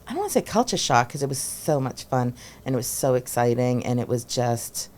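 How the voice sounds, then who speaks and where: A woman's voice: extremely low pitch, big pitch swings, a little fast, a little mellow. A woman in her forties from Massachusetts, a teacher and former social worker chatting as a guest, talking loosely with lots of fillers and laughs. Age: 40s. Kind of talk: casual interview chat.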